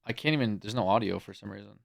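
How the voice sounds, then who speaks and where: A man's voice: lowish voice, fast, creaky. A man chatting casually with his live-stream chat from home, swearing freely and laughing a lot as he talks. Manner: drops to a soft hushed coo when calling his cat. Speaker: livestreamer.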